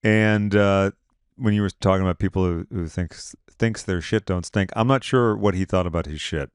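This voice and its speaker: Low smooth-voiced man hosting a film podcast. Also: moderate pace, no echo. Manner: dry, wry film-buff rundowns of filmographies. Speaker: podcast host. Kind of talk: casual film chat.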